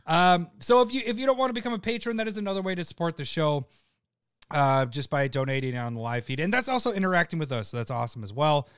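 A man co-hosting a live podcast who chats loosely and rambles with a laugh. His voice is smooth and clear, a touch high, and the sound is dry and close. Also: animated, fast, no echo. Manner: laughing, loose and rambling, reads out patron shout-outs. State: hiccups and eating hot peppers. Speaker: podcast co-host. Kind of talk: casual live podcast chat.

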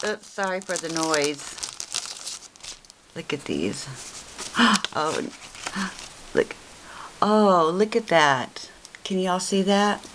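A woman showing off her crafts in a casual unboxing, gushing and repeating how cute each piece is. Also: on the low side. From Texas. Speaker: craft vlogger. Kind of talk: casual unboxing show-and-tell.

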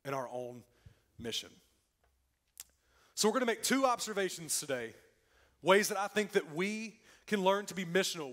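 A man preaching a sermon in a church, swinging from loud emphatic lines to hushed, quiet ones. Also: high voice. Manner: lively preaching with dramatic drops to a hush. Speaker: pastor. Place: church sanctuary.

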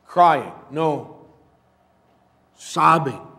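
A man preaching a sermon as pastor, telling a story in a slow, measured way. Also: fairly high pitch, expressive, vocal fry, bright, forceful tone. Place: church sanctuary. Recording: long church reverb.

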